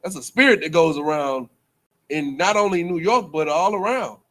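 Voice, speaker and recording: Higher-voiced man preaching casually. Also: normal speed, fairly bright tone. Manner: rambling, repetitive, colloquial. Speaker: speaker in a group teaching session.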